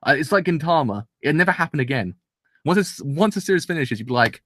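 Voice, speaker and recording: A young man casually reviewing an anime episode, rambling and excitable, with many restarts. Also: on the high side, fast talker, no room sound, clean studio sound.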